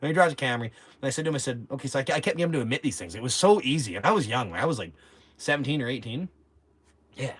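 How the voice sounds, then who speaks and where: A man's voice: medium pitch, animated, fast talker, a bit bright, breathy edge. A man, telling stories in a brash, profane, rambling way on his livestream. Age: 40s. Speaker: livestream host. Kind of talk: casual storytelling chat.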